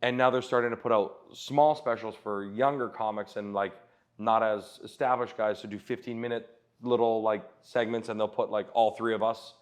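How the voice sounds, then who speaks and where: A swearing, storytelling comedian. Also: male voice, lowish voice, fairly even intonation. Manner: swearing, quick storytelling with acted-out quotes. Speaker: comedian guest. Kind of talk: casual podcast chat.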